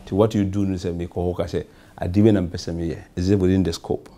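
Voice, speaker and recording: A man's voice: sits low, little pitch movement, fast, dark tone. A Ghanaian man, a member of parliament, answering in a talk show interview with rambling, repetitive answers. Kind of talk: talk show interview, mixing English and Twi.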